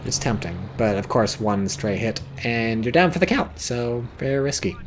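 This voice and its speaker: An American man casting a strategy game replay in loose, casual play-by-play. His pitch swings widely as he gets excitable, swearing and yelping at the big plays, with a faint hiss of noise behind him. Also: moderate pace.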